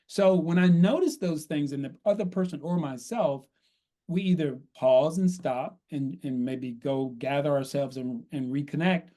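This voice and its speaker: A man, a consultant guest on a podcast, explaining in a measured way and often checking in with "right?". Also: a little high, dark tone. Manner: measured, repeats "right?", acts out sample dialogue. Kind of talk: podcast interview, coaching explanation.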